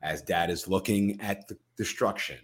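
Retelling a movie one scene at a time, this podcast co-host speaks in a low voice at normal speed. He performs the quoted lines energetically, bringing real animation to the story.

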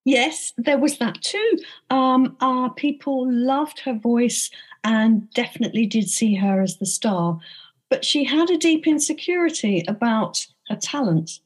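A woman being interviewed about her book, speaking thoughtfully with frequent pauses and restarts. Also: a little high. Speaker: author and interview guest. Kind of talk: conversational interview.

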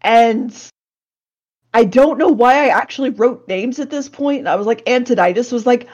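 A woman's voice: a little high, moderate pace, darkish tone. A woman co-hosting a podcast, recapping an old television episode in a casual, sarcastic way, swearing and laughing often.

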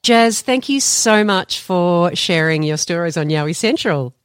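A woman's voice: fairly low pitch, expressive, a little slow, clean tone, no room sound, clean studio sound. A woman hosting a podcast, thanking her guest as she wraps up the interview. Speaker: podcast host. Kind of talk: casual interview wrap-up.

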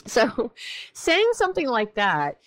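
A woman's voice: slow, poor audio. A woman in her forties, a therapist hosting a relationship advice podcast, talking animatedly and acting out bits of dialogue. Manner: animated, acts out quoted dialogue with big pitch jumps.

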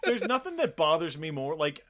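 A man co-hosts a casual movie podcast, joking darkly and swearing as he relives a fight scene. His voice sits a little high and swoops up and down in lively swings. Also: normal speed, crowd noise. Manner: animated, profane, joking. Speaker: podcast co-host.

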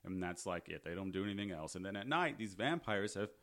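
Low-voiced man recapping a movie sardonically. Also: expressive, fast talker, fairly bright tone. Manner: sardonic, profane storytelling. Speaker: podcast host.

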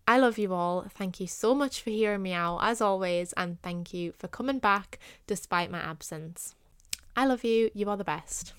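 A woman's voice: medium pitch, moderate pace, a bit bright, smooth, dry recording, studio quality. A young woman hosting her own podcast in a casual solo talk, earnest and often repeating her points for emphasis. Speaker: podcast host.

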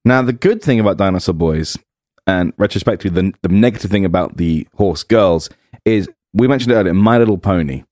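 A man co-hosting a casual podcast, setting up points slowly and deliberately with lots of "right?". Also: deep voice, a little mellow, no room sound, clean studio sound. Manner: slow, deliberate setups with lots of "right?" and "now,". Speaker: podcast co-host. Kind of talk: casual chat.

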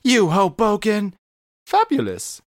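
Fields: Sex: man. Figure: furious woman hurling cleaned-up insults. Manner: shrill, exaggerated squabbling. Style: reading an ad script aloud. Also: huge pitch swings, slow, no room sound, studio quality, heavily acted.

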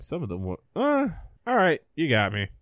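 A man co-hosting a podcast in casual chat, teasing with deadpan jokes and steering the topics. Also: on the high side, normal speed, no room sound, studio quality. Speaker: podcast co-host.

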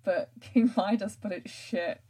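A woman's voice: mid-range voice, takes it slowly, warm tone, breathy edge. A woman, hosting a podcast in casual chat, rambling with many fillers and frequent laughs. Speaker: podcast host and writer.

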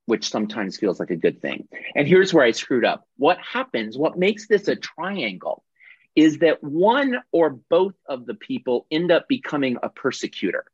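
A man's voice: mid-range voice, very animated, moderate pace, slightly rough, no echo. A man leading a workshop on a video call, teaching in a conversational way and correcting himself as he goes. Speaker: workshop leader. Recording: dull dry video-call audio.

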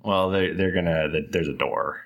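A man narrating as game master of a tabletop game, in a halting style full of fillers. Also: sits low, a bit bright, slight background noise.

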